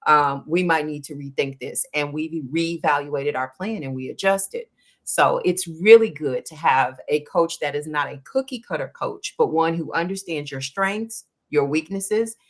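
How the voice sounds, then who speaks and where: A woman's voice: deep voice, normal speed. A woman guest on an interview show, talking casually and animatedly about working with her running coach, acting out quoted conversations. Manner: animated storytelling, acts out quoted dialogue. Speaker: guest, endurance runner.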